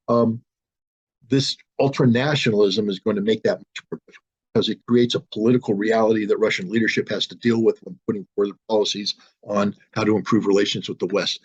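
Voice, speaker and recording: A man with a lowish, darkish voice and a breathy edge speaks as a guest in a political interview. He is blunt and emphatic and keeps restarting his sentences. The audio is dull and lo-fi.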